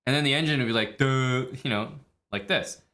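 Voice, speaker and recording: A man talks through chess moves on a live stream in a loose, blunt way, swearing freely and voicing his own inner questions. His voice is bright and forceful at a middle pitch. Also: fast.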